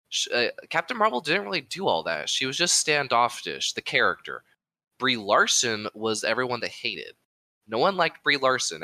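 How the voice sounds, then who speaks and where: A man's voice: medium pitch, pushed and bright, dry recording. A young man co-hosting a podcast, chatting casually with loose, rambling opinions and plenty of swearing. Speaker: podcast co-host. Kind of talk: casual chat.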